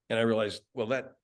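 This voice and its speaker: An older man, a radio host and voice actor, chatting as a guest with animated, profane, laughing storytelling. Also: lowish voice. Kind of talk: casual interview chat.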